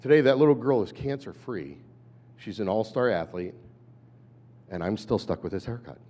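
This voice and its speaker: A man in his fifties, an animated storyteller who acts out voices, giving a talk at a conference. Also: fairly low pitch, moderate pace. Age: 50s. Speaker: conference speaker. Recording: dull hall recording with long reverb.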